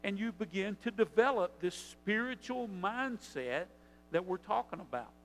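A man with a high voice preaches a sermon, earnest and steady, letting his voice swell and then sink low for emphasis. His words ring out with a long reverb, as in a large hall. A faint hum sits underneath. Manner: earnest, rises and drops in loudness for emphasis.

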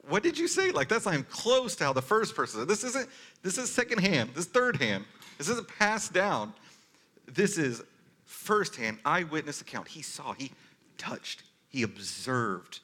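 A man preaching a sermon as a pastor, talking in a conversational, animated way with casual asides. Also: a little high.

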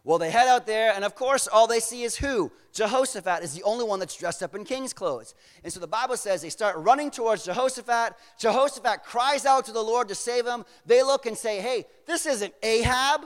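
High-voiced casual preacher. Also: male voice, a little fast, few pauses, in a large hall. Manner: casual, paraphrasing with slang. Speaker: pastor. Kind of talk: sermon storytelling.

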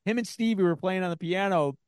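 A man's voice: high voice, quick pace, a little mellow, clean tone, no room sound, clean studio sound. A man hosting a podcast, telling a story in a rambling, casual way with lots of fillers and restarts. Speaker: podcast host. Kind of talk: casual chat.

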